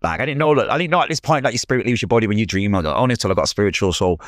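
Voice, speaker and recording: A middle-aged man with a Mancunian accent rattles through a personal story at speed, slipping into the voices of people he quotes. His voice sits a little low, recorded close and dry with no room sound. He talks in quick, loose street slang. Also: animated, dry recording. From England. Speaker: podcast guest. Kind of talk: emotional storytelling.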